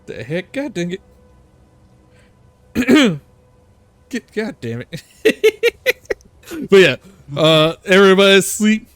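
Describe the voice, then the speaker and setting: A man's voice: high-pitched, sing-song, slow, long pauses, fairly bright tone, dry recording, faint music behind. A man narrating a tabletop game as game master, rambling with fillers and laughs.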